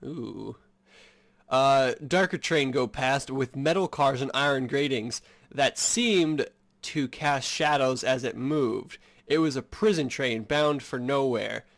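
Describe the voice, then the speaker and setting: A man giving casual game commentary, reading story text aloud and rambling with lots of filler words. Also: mid-range voice. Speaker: gameplay streamer.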